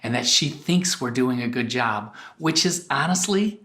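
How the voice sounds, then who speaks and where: A man's voice: mid-range voice, animated, unhurried, bright, forceful tone, reverberant. A middle-aged man co-teaching a marriage course, speaking earnestly and directly to the audience. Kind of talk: teaching talk to camera.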